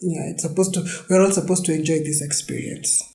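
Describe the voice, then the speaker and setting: A woman's voice: low-pitched, steady tone, brisk, warm tone. A woman hosting a monologue-style podcast, talking earnestly and emphatically with many "you know" fillers. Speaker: podcast host. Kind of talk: reflective monologue.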